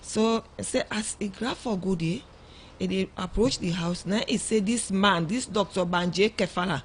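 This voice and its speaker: A woman speaks in a Sierra Leonean Krio accent, a mother recounting events as a guest on a radio show. She tells it in an animated way and acts out the voices of others. Her voice sits at an ordinary middle pitch, with a faint hiss of noise behind it. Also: moderate pace. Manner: animated storytelling, acts out quoted dialogue. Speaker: mother of a young girl, guest. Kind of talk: emotional first-person account on radio. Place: radio studio.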